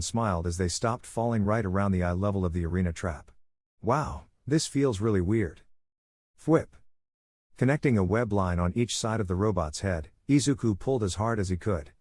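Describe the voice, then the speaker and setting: Low-voiced man narrating a story. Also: no echo, clean studio sound. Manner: steady storytelling. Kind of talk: scripted audiobook narration.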